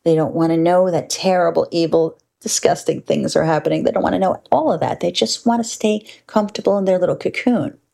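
Low, gravelly older woman telling stories. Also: fairly quick, hardly any pauses, mellow. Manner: wry, candid, conversational, with mild profanity. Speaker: storyteller. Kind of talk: personal storytelling monologue.

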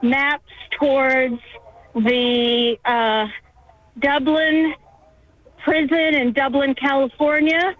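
Breathless high-voiced woman activist. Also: fairly even intonation, extremely slow, dry recording, phone-quality sound. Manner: earnest, emphatic. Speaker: activist guest. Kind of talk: phone-in interview while marching.

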